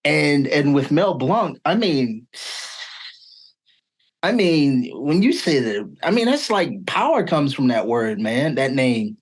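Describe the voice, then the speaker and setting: A man's voice: fairly high pitch, lively intonation, slow pace. A voice actor guest, a man, answering earnestly and searching for his words in a casual chat.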